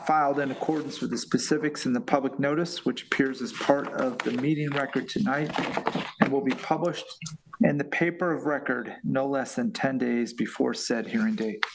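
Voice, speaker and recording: A man on a planning board reading a formal resolution aloud in a steady, measured way. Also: medium pitch, vocal fry. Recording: loud background noise in meeting audio.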